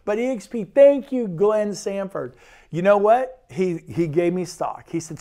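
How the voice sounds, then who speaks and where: A man's voice: sits high, animated, moderate pace, mellow. A man giving an enthusiastic sales presentation about real estate, talking conversationally and acting out quotes.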